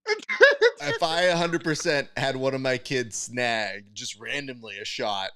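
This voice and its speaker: A man's voice: mid-range voice, slow. A man hosting a podcast in casual, joking chat. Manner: expressive, joking. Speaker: podcast host.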